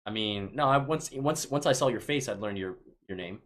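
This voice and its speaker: A man's voice: lowish voice, animated, normal speed, fairly bright tone. Casual man reading chat on stream. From Chicago, United States. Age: 30s. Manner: reads chat questions aloud and answers offhand, with trailing restarts. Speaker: streamer answering chat questions.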